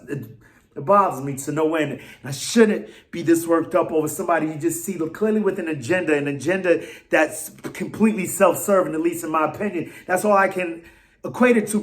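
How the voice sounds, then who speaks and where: A man ranting casually to camera as a sports fan vlogger, excitable and rambling, with slang and restarts. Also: high voice.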